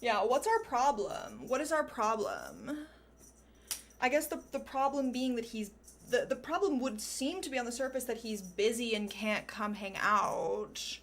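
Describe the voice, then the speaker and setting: A woman's voice: fairly high pitch, big pitch swings, measured pace, a little hiss or hum. A woman streamer giving sarcastic, profane commentary as she reads messages aloud. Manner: soft baby talk to her cat. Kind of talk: livestream political commentary.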